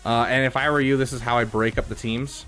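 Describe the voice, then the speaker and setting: A man's voice: medium pitch, fairly even intonation, fast, a bit bright, faint music behind. A man casually commenting on a live stream, thinking aloud with frequent fillers. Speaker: streamer reviewing game accounts.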